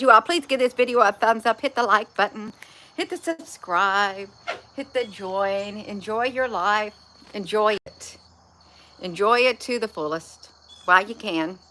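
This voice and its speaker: A woman's voice: mid-range voice, bright, forceful tone. A woman vlogger talking to camera in a rambling, folksy, chatty way. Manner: folksy, chatty, drifts between topics. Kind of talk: rambling casual monologue.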